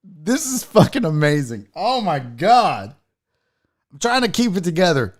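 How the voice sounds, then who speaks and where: A woman hosting a casual show, addressing her viewers directly. Her pitch leaps up and down with real animation, yet she takes her time between words. She swears freely and gets excited easily. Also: a little slow. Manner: excitable and heavily profane; talks straight to the audience. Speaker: sports show host. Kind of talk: casual unboxing chat to viewers.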